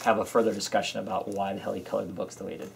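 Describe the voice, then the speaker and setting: A man's voice: fairly low pitch, flat delivery, very fast, creaky. Man, co-host, casual chat, rambling, hesitant, restarts often. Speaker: podcast co-host. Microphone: camera mic.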